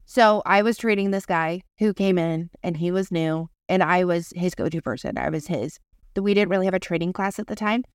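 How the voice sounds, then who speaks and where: A woman co-hosting a casual podcast, telling a story in an animated way, swearing freely and acting out quoted voices. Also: fairly low pitch, fairly quick, smooth, dry recording, clean studio sound. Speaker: podcast co-host.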